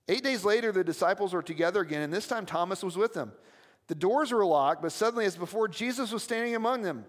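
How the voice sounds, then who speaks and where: A man's voice: high-pitched, lively intonation, fast, in a large hall. A man preaching a sermon as pastor, telling stories in a conversational way with asides to the congregation. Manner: storytelling, conversational with audience asides. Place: church.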